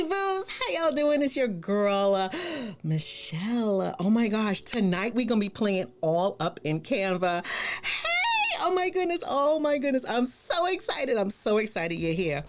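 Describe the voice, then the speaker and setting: A woman hosting a live tutorial stream, greeting viewers in a bubbly, effusive, slangy way and repeating her exclamations. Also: mid-range voice. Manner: slangy and playful.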